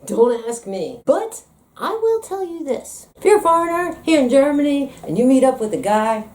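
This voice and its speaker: A woman's voice: sits high, big pitch swings, moderate pace, a little mellow. An American woman talking in a comedic vlog monologue, playful, teasing and dramatic. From United States. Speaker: vlogger.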